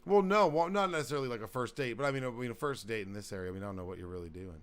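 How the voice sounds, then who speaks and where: A man's voice: mid-range voice, racing, crowd noise. A man in his thirties, a podcast host, telling old party stories in casual chat and swearing freely. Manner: laid-back storytelling, heavy swearing.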